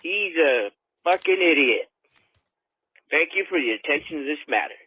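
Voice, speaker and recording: A man's voice: a little high, lively intonation, normal speed, noisy background, lightly acted. A man doing a bragging tycoon politician on a phone line. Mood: boastful. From Canada. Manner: bragging, repetitive, grandiose. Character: boastful brash billionaire politician, self-praising man. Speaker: caller. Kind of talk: voicemail impression. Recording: tinny phone voicemail.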